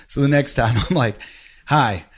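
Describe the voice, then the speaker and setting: A man hosting a podcast, telling a story in a casual, animated way and laughing often. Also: lowish voice, moderate pace. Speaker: podcast host.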